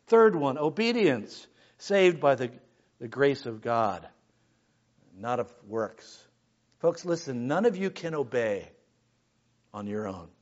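A man preaching a sermon, swinging between hushed lines and shouted ones. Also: a little high, muffled recording. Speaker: pastor.

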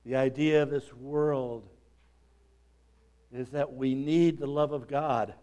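A man preaching a sermon, reading scripture aloud and explaining it, dropping low and quiet and then building to dramatic shouted peaks. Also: steady tone, slow pace.

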